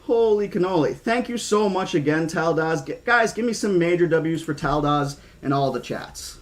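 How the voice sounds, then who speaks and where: Casting: upbeat male streamer-narrator, slightly high voice. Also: normal speed. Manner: excitable, thankful, chatty. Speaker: streamer reading a novel aloud. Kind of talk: audiobook reading with chat shout-outs.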